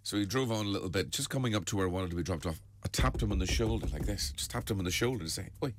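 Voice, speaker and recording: A male breakfast radio host, telling tall tales with deadpan punchlines in a studio. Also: deep voice, racing, a little hiss or hum. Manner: lively storyteller, deadpan punchlines. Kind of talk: joke-telling radio banter.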